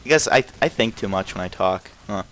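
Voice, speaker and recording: Over a video game, a young male commentator rambles casually, interrupting himself and often trailing off. He talks fairly quickly in a low, slightly bright voice with lively intonation, and the recording is rough.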